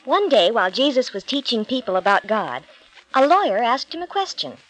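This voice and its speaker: A woman narrating a Bible story with clear, measured storytelling. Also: on the high side, big pitch swings, fairly bright tone, low-quality recording.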